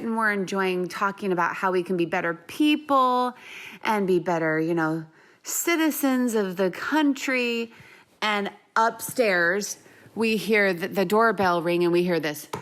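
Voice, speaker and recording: Lively woman telling a funny story. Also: mid-range voice. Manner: lively, acts out each quote, quick asides. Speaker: essential oil seller, mentor. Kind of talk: animated personal storytelling.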